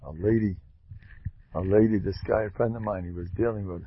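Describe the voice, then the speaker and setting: A man's voice: fairly low pitch, brisk, highs cut off, a little hiss or hum. A man giving an informal, joking Torah talk, acting out quotes. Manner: animated, joking, acts out quotes. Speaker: rebbe and speaker.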